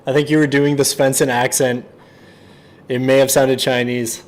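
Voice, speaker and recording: A man's voice: mid-range voice, flat delivery, unhurried. Man chatting through a music session. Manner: chatty running self-talk, swears offhand. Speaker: livestreaming music producer. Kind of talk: casual livestream talk while producing.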